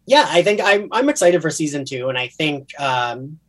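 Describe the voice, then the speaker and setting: A co-host from New Jersey talks in a New Jersey accent, chatting casually about a TV series. The pitch moves in a lively way and the voice is a little husky. The talk rambles, full of fillers and restarts. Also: normal speed. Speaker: podcast co-host.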